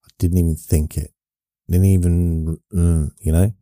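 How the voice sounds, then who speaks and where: A man hosting a podcast, softly spoken, rambling along in a meandering monologue meant to lull listeners to sleep. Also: low voice, little pitch movement, unhurried, dry recording. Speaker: podcast host.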